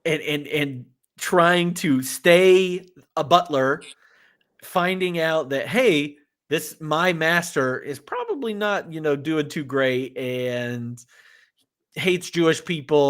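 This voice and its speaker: A man's voice: a little high, slow pace. A man co-hosting a podcast, recapping a film in casual chat and acting out lines from its scenes. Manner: animated, acts out quotes from scenes. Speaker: podcast co-host. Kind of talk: casual movie discussion.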